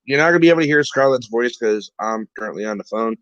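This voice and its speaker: A man's voice: medium pitch, animated, fast, fairly bright tone, smooth, dry recording. A man co-hosting a casual livestream chat, rambling and joking with lots of swearing. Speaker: co-host. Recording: dull lo-fi stream audio.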